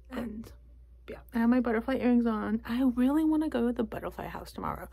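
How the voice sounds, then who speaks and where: A young woman vlogging in a casual chat from a closet at home, talking softly and often slipping into a whisper. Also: on the high side, a little fast, creaky. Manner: soft, often drops to a whisper.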